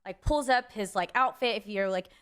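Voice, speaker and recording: A woman's voice: medium pitch, normal speed, a bit bright, clean tone. A young adult woman co-hosting a faith podcast, telling a story in a rambling casual way, full of "like" fillers. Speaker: podcast co-host.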